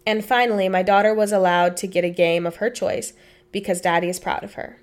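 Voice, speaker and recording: A young woman co-hosting a podcast chats and reads stories aloud, blunt and matter-of-fact with casual swearing. She speaks briskly at medium pitch, her intonation fairly even.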